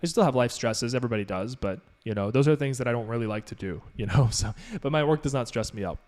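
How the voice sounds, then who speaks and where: A man's voice: mid-range voice, quick pace, a little mellow. A man hosting a live stream as an online business mentor, answering chat questions in a casual, upbeat, rambling way with lots of "you know" and restarts.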